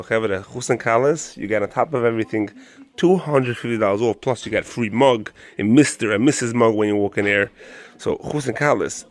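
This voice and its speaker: A man's voice: on the low side, no echo. A man, walking through a furniture showroom and eagerly praising the sofas and prices for a promotional video. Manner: enthusiastic, repeats "beautiful", mixes in Yiddish words. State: out of breath on the stairs. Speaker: show host doing a store promotion. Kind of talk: walkthrough sales pitch.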